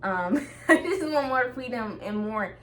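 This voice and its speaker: A woman's voice: a little high, expressive, measured pace, fairly bright tone, slight background noise. A young adult woman talking casually to her viewers in an upbeat, motivational way, often laughing. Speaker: vlogger. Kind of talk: casual talk to camera.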